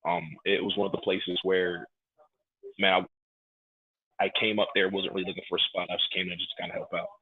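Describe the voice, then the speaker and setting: A man's voice: sits low, a little fast, pauses often. A man in his thirties, from New York and raised in Atlanta, telling stories in a casual podcast interview and acting out the quotes. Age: 30s. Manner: animated storyteller, acts out quotes. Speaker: guest, pro wrestler. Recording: tinny phone-like line.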